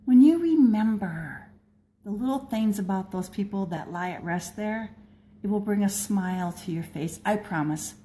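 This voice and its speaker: A woman's voice: medium pitch, lively intonation, moderate pace, warm tone. An older woman from the American Midwest, speaking to her readers in an earnest, personal reflection with frequent restarts. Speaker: blogger and speaker.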